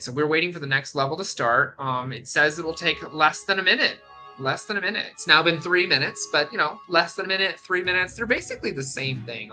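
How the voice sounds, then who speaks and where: Bright, rambling young streamer. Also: mid-range voice, poor audio. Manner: rambling, animated ranting. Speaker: gaming streamer. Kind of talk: casual live-stream chat.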